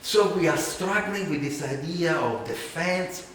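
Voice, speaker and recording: A man with an Italian accent telling an animated, self-mocking story as a keynote speaker. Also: a little high, measured pace, far from the mic, slight background noise. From Italy. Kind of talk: storytelling talk. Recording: echoey hall, mic from afar.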